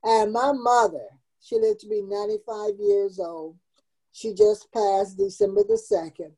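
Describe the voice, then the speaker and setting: A woman's voice: mid-range voice, big pitch swings, measured pace, gravelly, mellow, slightly rough, low-quality recording. A woman in her seventies, a community founder, telling her life story in an interview with earnest, emotional emphasis. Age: 70s.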